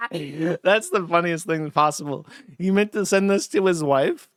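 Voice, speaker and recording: A man's voice: sits high, animated, takes it slowly, sharp tone, no echo. Dry-voiced sardonic male commentary host. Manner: laughing, filler-heavy, sardonic. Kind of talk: casual commentary on clips.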